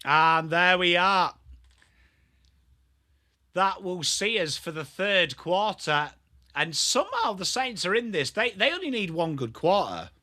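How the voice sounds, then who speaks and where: A man's voice: high-pitched, sing-song, measured pace, sharp tone, no room sound, clean studio sound. An English man hosting a live football watchalong stream, chatting bluntly with viewers by name between calls on the play. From England. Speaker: livestream host.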